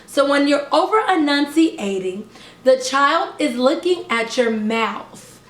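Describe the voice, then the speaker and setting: A young woman who teaches preschool speaks to parents in a high, bright voice. She talks slowly and over-enunciates each word, keeping the tone upbeat. The sound carries a roomy echo. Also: animated. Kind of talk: instructional talk to camera.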